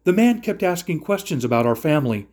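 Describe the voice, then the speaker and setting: A man's voice: fairly high pitch, sing-song, fairly quick, darkish tone, pitched above the performer's own voice. A man reading as anxious frightened brothers. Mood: defensive. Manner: anxious, explaining.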